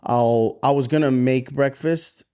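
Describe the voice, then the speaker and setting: A man in his thirties co-hosting a podcast, telling a story in casual, profane chat and acting out the voices with big jumps in pitch. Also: steady tone, unhurried, mellow, smooth. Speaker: podcast co-host.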